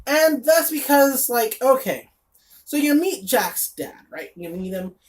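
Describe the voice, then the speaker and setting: A woman's voice: high-pitched, sing-song, measured pace, darkish tone. A woman reviewing a comic in casual chat, blunt and sarcastic, with lots of fillers and asides.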